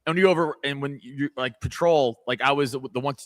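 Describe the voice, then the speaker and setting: A man's voice: mid-range voice, dry recording, clean studio sound. A man, a former police officer co-hosting a casual podcast, talking profanely and laughing as he tells stories. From New York City. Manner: fast, profane, laughing storyteller.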